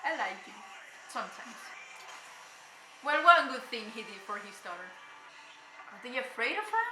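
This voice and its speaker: Bright-voiced excitable young woman. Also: a little high, normal speed, echoey room, faint music behind. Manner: excitable, talks back at the screen. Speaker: reaction vlogger. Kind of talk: casual reaction commentary.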